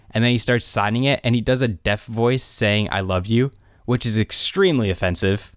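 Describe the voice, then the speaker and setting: A man's voice: on the low side, normal speed, no room sound, studio quality. A young man co-hosting a podcast, casually retelling a TV episode and jumping into the characters' lines. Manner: animated retelling, quotes characters in raised voices. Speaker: podcast co-host recapping a show. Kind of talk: casual chat.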